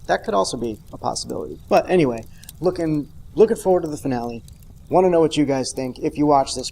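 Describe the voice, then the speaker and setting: A man's voice: mid-range voice, vocal fry, warm tone, slight background noise. A man hosting an unscripted TV episode review, talking in a conversational, rambling way with wry asides. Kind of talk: unscripted casual review monologue.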